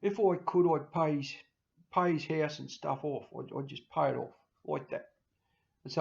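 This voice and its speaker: A middle-aged man, rambling emotionally to camera in a farewell vlog, breaking into loud mimicry and laughter. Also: on the high side, fairly even intonation, moderate pace, gravelly. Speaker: YouTuber signing off. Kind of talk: casual personal talk to camera. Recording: dull lo-fi home recording.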